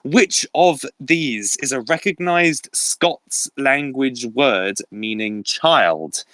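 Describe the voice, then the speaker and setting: A man's voice: medium pitch, lively intonation, very slow, a bit bright, no echo. A young man hosting a casual quiz, reading out questions and options with frequent laughs. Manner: reads questions and options aloud, laughs often. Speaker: quiz host.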